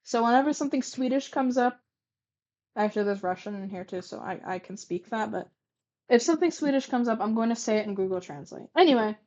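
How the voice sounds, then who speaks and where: A woman's voice: a little high, animated, fairly quick, darkish tone. A woman with a stutter reading her old fan fiction aloud, breaking off for cringing, self-correcting asides. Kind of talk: casual read-aloud commentary. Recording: muffled lo-fi recording.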